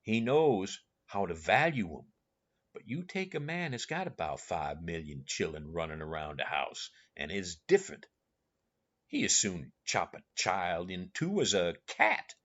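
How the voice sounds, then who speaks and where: A man's voice: sits low, big pitch swings, unhurried, a bit bright, muffled recording, voice pushed down, heavily acted. Guy doing a stubborn southern country man, thick drawl, swings up and down a lot. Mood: earnest. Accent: Southern US rural dialect. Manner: drawling, dialect-heavy, dogged. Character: uneducated older man, stubborn and earnest in argument.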